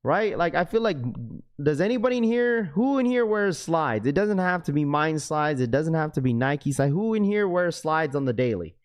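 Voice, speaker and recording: With a higher-leaning voice, lively intonation and a moderate pace, a young man chats with his live stream audience. His talk is loose and rambling, and he keeps calling the chat "bro."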